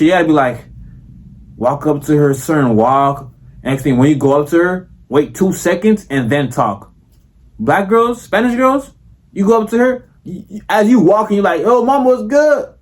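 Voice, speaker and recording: Slangy, animated young man. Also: fairly high pitch, husky. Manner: slangy, profane, animated, acts out quoted voices. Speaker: vlogger. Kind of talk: casual monologue.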